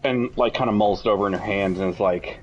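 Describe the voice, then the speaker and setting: A man co-hosting a casual podcast, excitedly retelling game lore with many restarts and quick acted-out quotes. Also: lowish voice, dull audio, a little hiss or hum. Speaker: podcast co-host.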